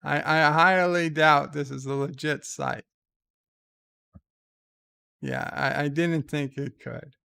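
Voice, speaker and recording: Middle-aged man hosting a stream, unhurried, clear and gravelly, wry and rambling. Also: on the high side, fairly even intonation, pushed and bright, dry recording, studio quality. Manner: wry, rambling, stammers on restarts. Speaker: livestream host. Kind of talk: casual stream chat, reading viewer letters.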